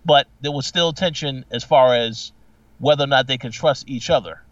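Halting man, dull off-mic sound. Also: mid-range voice, no room sound, distant mic. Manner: halting, many restarts. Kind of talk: casual recap chat.

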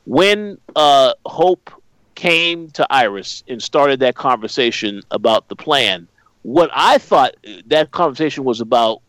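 A man offering his opinion in a relaxed recap chat, measured and full of small fillers. His voice sits at a middle pitch, recorded dry and close with no room sound. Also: no echo, low-quality recording. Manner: measured, frequent fillers and restarts. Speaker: podcast co-host.

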